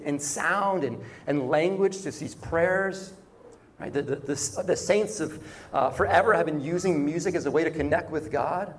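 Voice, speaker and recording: A man preaches in a loose, conversational way, tossing in "right?" and restarting his phrases. His voice sits notably high for a man. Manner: conversational, frequent "right?" and repeated words. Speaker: pastor. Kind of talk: sermon.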